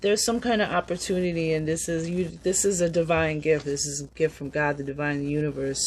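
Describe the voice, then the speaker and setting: A woman giving a casual, upbeat tarot reading, chatty and quick to laugh. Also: sits low, fairly even intonation, darkish tone, slight background noise, poor audio. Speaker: tarot reader.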